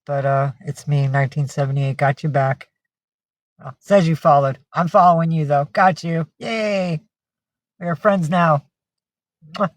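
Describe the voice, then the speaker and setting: A woman's voice: low-pitched, steady tone, unhurried, pauses often, no room sound. Chatty woman hosting a livestream. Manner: chatty, reads out viewer names, coos at her pets. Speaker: livestream host. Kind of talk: casual livestream chat.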